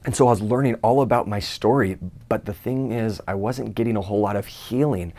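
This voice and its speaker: A young man tells his own story with earnest feeling. His low voice has a gravelly, creaky texture, and he sometimes voices his own inner thoughts. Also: brisk, mellow. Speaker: speaker giving a personal testimony. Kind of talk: personal testimony talk.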